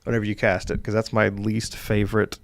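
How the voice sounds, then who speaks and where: Gravelly man hosting a casual stream. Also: fairly low pitch, brisk, no echo. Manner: relaxed, rambling, with filler words and chuckles. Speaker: dungeon master hosting a live stream. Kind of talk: casual live-stream chat, reading viewer comments.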